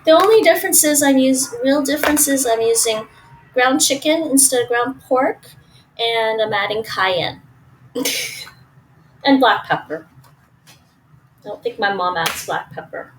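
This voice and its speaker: A woman's voice: a little high, unhurried, long pauses, distant mic, slight background noise, rough recording. A woman, chatting casually and thinking aloud while she cooks at home and answers her stream chat. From Toronto, Canada. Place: home kitchen.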